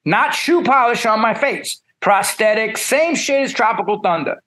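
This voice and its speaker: A middle-aged man, telling stories as a musician guest in a blunt, profane and animated way. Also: high voice, moderate pace. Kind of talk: casual storytelling.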